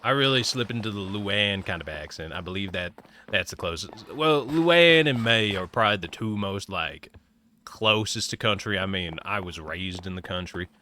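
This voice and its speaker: Young male game streamer, from Nebraska, rambling casual chat with a crisp, bright tone and faintly low voice. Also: animated, normal speed, slight background noise. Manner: rambling, chatty, reads chat aloud. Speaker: livestreamer. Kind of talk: casual chat while gaming.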